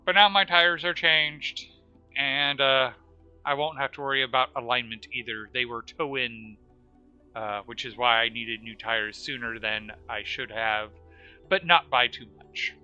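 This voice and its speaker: A man's voice: mid-range voice, a little slow, pushed and bright, clean tone, muffled recording, faint music behind. A man streaming a game live, chatting casually and thinking aloud as he plays. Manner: thinks aloud while playing, chatty asides. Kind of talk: casual live-stream chat while playing.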